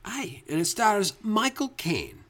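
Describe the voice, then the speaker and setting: A man's voice: sits high, big pitch swings, takes it slowly, a bit bright, exaggerated voice. A man improvising a dead Scottish narrator's ghost in a comedy podcast bit, folksy and rambling with a Scottish accent that thickens as the figure drinks whiskey and turns foul-mouthed. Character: dead, boozy old Scottish male narrator ghost, folksy turning mean.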